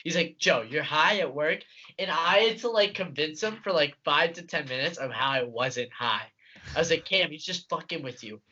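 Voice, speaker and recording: A young man co-hosting a casual podcast, laughing and animated while telling work stories. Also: fairly high pitch, normal speed. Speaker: podcast co-host. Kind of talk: casual storytelling chat. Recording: dull lo-fi podcast audio.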